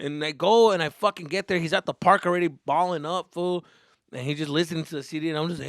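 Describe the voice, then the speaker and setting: A man hosts his podcast with casual storytelling, swearing freely and animated throughout. His voice sits high and bright, jumping across a wide range. The recording is dry and close. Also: fast talker, no echo. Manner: animated, profane, lots of fillers. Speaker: podcast host.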